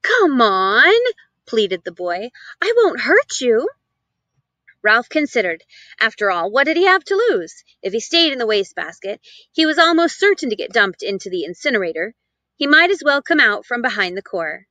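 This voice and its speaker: A woman reading a children's novel aloud in an expressive storybook style. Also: a little high, fairly quick, no echo, rough recording. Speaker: reader.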